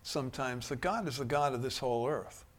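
A man preaching a sermon, shifting from quiet musing to loud, emphatic bursts. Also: mid-range voice, a little fast.

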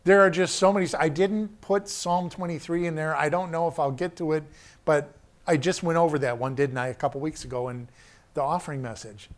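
An older male preacher delivers a sermon in a fairly high voice. He swings from quiet, close asides to loud, fervent emphasis. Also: fairly quick. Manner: animated preaching, shifts from soft to loud.

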